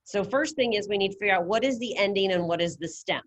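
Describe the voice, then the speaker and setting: Over a video call, a woman teaches a Spanish lesson online, explaining each step with patience and encouragement. Her voice is medium in pitch and she talks fast, picked up by a computer mic.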